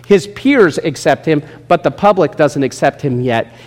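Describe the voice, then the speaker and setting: A male pastor preaching a sermon with lively, joking asides to people in the congregation. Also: on the high side, normal speed. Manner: lively, jokes with congregation members by name. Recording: long reverb in a large hall.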